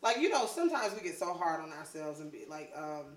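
A woman's voice: low voice, big pitch swings, a little fast. A woman co-hosting a casual chat podcast, joking and laughing often between points. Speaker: podcast co-host. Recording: roomy, distant mic.

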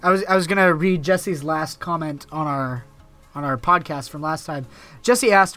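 A man's voice: a little high, normal speed, sharp tone, soft background music. A young man co-hosting a podcast in casual chat, teasing and laughing often. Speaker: podcast co-host.

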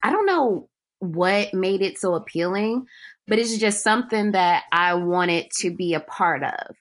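A young woman from Ohio with a Southern-tinged accent, co-hosting a podcast in relaxed, rambling casual chat with lots of fillers. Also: mid-range voice, a little slow. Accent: Ohio speech with a Southern US tinge. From Ohio, USA. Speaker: podcast co-host.

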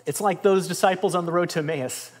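A man's voice: high-pitched, fast talker. Earnest man preaching in a reverberant hall. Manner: earnest, emphatic, with swells of intensity and soft drops. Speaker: pastor. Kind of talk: sermon. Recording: long reverb of a large room.

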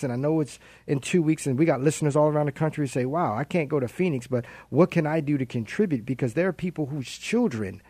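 A man's voice: mid-range voice, mellow, husky, dry recording. A man hosting a radio interview, enthusiastic and chatty, asking long run-on questions. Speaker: radio show host.

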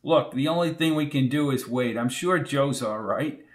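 A calm, reassuring middle-aged man, as a narrator voices him, steady and measured, close to the reader's own voice. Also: medium pitch, natural voice.

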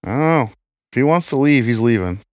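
A man's voice: mid-range voice, lively intonation, a little fast, no echo, studio quality, faint music behind. A man co-hosting a podcast in casual chat, bluntly contrarian and profane. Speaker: podcast co-host.

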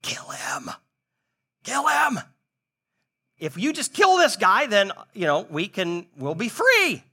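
Man putting on keyed-up whispering soldiers, high, hushed and pushy. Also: wildly swooping pitch, a little slow, hardly any pauses, full character voice. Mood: urgent whisper. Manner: hushed, urgent egging-on. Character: David's men, urgent fighters.

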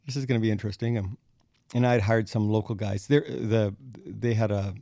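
A middle-aged man, a bassist and podcast guest, telling animated stories, acting out quotes and chuckling as he goes. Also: brisk, gravelly, dry recording. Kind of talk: anecdotal storytelling in conversation.

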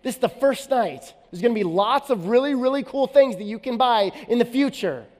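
An exasperated dad giving his daughter a stern lecture, as a preacher acts him out. His voice is high for a man, and the long hall reverb carries faint music behind it. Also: animated, a little fast, natural voice.

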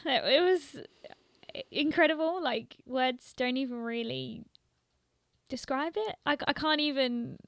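A young woman from London, speaking with a London accent, chats casually as a guest, laughing often and filling her speech with "like" and "um." Her voice sits high and is a bit bright, with vocal fry and a measured pace. The recording is dry, with a clean studio sound.

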